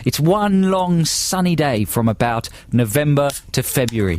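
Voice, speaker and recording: A man's voice: a little high, expressive, unhurried, a little mellow. A man doing a put-on Australian accent as a mock-earnest know-it-all in an improvised radio comedy sketch. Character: smug mock-Australian man explaining Christmas down under.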